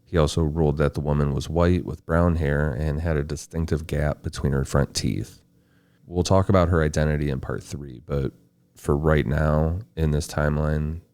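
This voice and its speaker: A man hosting a podcast, telling a true-crime story in steady, detailed narration with casual asides. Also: a bass voice, normal speed, vocal fry, no room sound. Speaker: podcast host.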